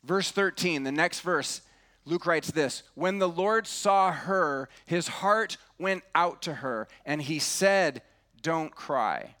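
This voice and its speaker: A middle-aged man preaches a sermon with a notably high voice. He speaks earnestly and drops to a hush to stress key words. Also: lively intonation, takes it slowly. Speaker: pastor.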